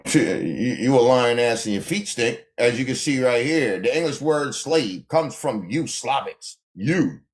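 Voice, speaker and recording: A man with a mid-range voice rants at his viewers during a phone livestream, taunting them confrontationally. He sounds animated and keeps a measured pace, with hardly any pauses.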